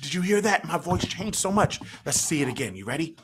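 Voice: medium pitch, fairly quick, a little hiss or hum. A library story time host leading an interactive children's story with songs, prompting the audience to join in. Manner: animated, prompts kids to join in and sings.

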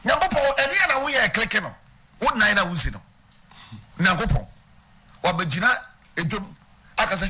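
A man's voice: high voice, sing-song, moderate pace, pauses often, noisy background. A man with a Ghanaian accent preaching a sermon, teaching and putting questions to his congregation. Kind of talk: sermon mixing Twi and English. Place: church.

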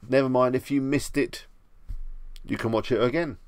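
A man's voice: medium pitch, fairly even intonation, normal speed, darkish tone, smooth, dry recording, studio quality. A young man with a Bedfordshire English accent, hosting a live stream and chatting easily with viewers as he answers their questions. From England. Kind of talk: casual live stream chat. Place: home room at night.

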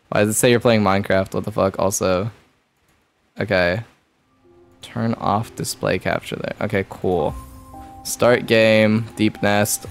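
Jumpy young man streaming, lively pitch. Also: moderate pace. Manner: jumpy, nervous running chatter with swearing. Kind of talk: live gameplay commentary.

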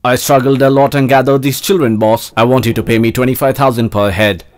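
A man's voice: medium pitch, fairly even intonation, faint music behind, close to an everyday voice. An actor voicing a greedy man haggling over a price with his boss in a dubbed film. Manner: haggling, quick. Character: greedy male child trafficker.

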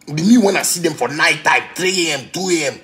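A man in his thirties with a Ghanaian accent, speaking into a phone on a livestream. He rants and preaches with heat, lurching from loud, high outbursts down to low, muttered asides. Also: fast talker. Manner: preachy and heated, swings between loud outbursts and low murmurs. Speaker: musician live-streaming. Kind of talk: impassioned social media rant.

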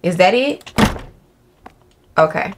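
A young woman doing profane, excitable let's play commentary, talking to her viewers as she plays. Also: on the low side, slow, noisy background. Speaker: gaming creator. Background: game music.

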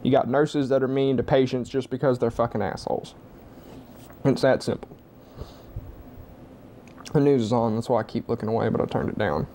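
A man's voice: medium pitch, steady tone, normal speed, pauses often, warm tone, slight background noise. A young man at home giving a blunt, heavily profane opinion monologue to camera. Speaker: vlogger.

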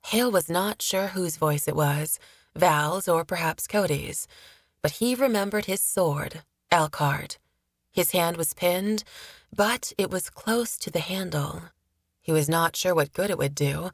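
A woman reading a fantasy audiobook as its narrator, in a steady, measured storytelling voice, close to a studio mic. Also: on the low side, no room sound.

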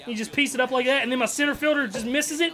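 A man giving casual, slangy commentary over his own gameplay, excitable and trash-talking, with loud outbursts. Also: very high-pitched, fast talker. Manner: slangy, keeps saying bro and dog. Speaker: gaming YouTuber.

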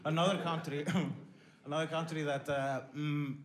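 A male comedian performing stand-up on a theater stage. He talks in a rambling, deadpan way, piling up fillers and false starts as he goes. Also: fairly high pitch, normal speed.

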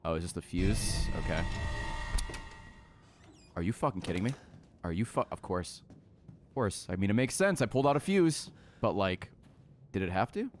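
A man's voice: deep voice, animated, normal speed, pauses often, slight background noise. Jumpy, cursing male gaming streamer. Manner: profane, jumpy, yelps when startled. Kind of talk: reactive gameplay commentary. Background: horror game music and sounds.

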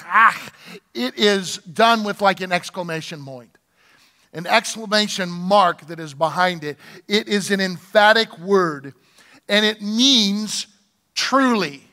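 Man, pastor, sermon, slow and unhurried delivery, long church reverb. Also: high voice, pushed and bright. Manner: preaching with call-and-response to the congregation. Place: church sanctuary.

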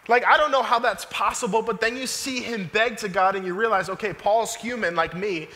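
A young male pastor preaches in a high, bright voice, keeping his sermon casual and conversational with slang and frequent questions to the congregation. The sound carries a long church-hall reverb. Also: brisk. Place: church sanctuary.

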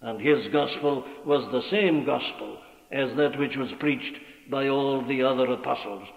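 A man's voice: mid-range voice, a little slow, gravelly. A man preaching a sermon in an emphatic, declamatory way, quoting scripture at length. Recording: tinny, echoey old church hall recording.

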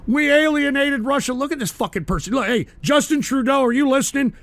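A male host in an angry, profane rant with lots of false starts and restarts. His voice sits high and gravelly, and the sound is dry and close with no room to it. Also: lively intonation, fast, fairly bright tone, no room sound. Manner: heated, profane, stumbling restarts. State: agitated, shouting at times. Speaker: show host. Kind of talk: angry political rant reading chat.

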